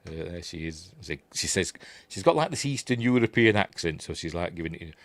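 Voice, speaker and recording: A man's voice: deep voice, animated, fairly quick, a bit bright, dry recording. A middle-aged man with a Yorkshire accent hosts a casual live review, chatting, reading viewer messages and laughing at his own jokes. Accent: Yorkshire English. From Yorkshire, England. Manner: reads out viewer chat messages. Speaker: host of a livestream review show.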